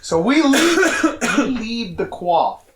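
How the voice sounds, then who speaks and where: A man's voice: high voice, sing-song, takes it slowly, roomy sound, far from the mic, over a noisy crowd, rough recording. A young man co-hosting a podcast, telling a story in casual chat, laughing often and swearing a lot. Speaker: podcast co-host.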